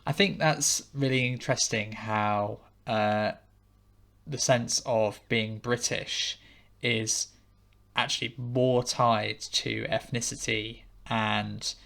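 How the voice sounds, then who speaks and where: A man hosting a podcast interview, measured and summarizing his guest's points. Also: on the low side, fairly even intonation, vocal fry, fairly bright tone. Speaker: podcast host. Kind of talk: interview questions.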